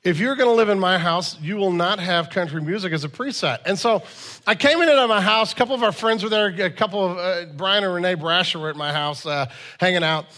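A man's voice: high voice, bright, forceful tone. A man in his forties preaching a sermon in a conversational, storytelling way, with emphatic asides. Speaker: pastor.

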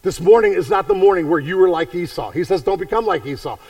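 A man preaching a sermon in a conversational way, repeating himself and swinging from hushed to fervent. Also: high voice, animated, fast talker, far from the mic, rough recording. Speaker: pastor.

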